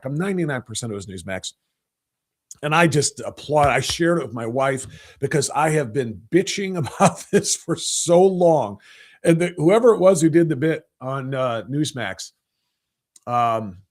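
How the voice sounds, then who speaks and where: A man's voice: mid-range voice, darkish tone. Rambling, opinionated man hosting a podcast. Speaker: podcast host. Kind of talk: casual political commentary livestream.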